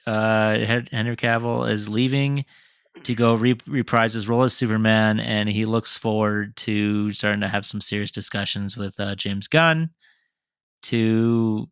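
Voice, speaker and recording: A man with a fairly low voice co-hosting a casual nerd podcast. He talks hesitantly, with many ums and restarts. The sound is dry and close to the mic. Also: steady tone, unhurried, fairly bright tone, clean tone, no room sound. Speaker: podcast co-host. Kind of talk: casual chat.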